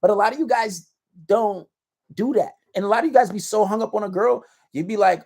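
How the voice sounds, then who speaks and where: A man's voice: high voice, brisk, darkish tone. A man giving casual dating advice to camera in a blunt, self-assured, slangy lecturing manner.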